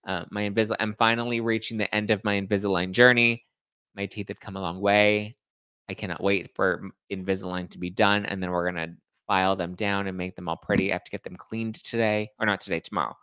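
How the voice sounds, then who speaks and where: A man's voice: lowish voice, little pitch movement, fast, pushed and bright, clear, resonant tone, no echo. A young man hosting a podcast livestream, chatting casually and reading out viewer comments, with a slight lisp. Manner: chatty, rambling, self-deprecating. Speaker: podcast host reading live chat.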